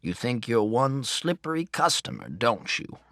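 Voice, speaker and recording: A man voicing a kindly, teasing old grandfather in an audiobook, gruff and chuckling. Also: medium pitch, wildly swooping pitch, measured pace, dry recording, clean studio sound, voice pushed up, full character voice. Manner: gruff, chuckling, gently mocking. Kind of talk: audiobook reading.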